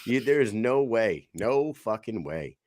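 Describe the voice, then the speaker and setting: Low-voiced man, emphatic and incredulous. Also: animated, slow, darkish tone, dry recording, clean studio sound. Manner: emphatic, incredulous, swears, reads comments aloud. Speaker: podcast co-host. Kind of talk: casual podcast chat.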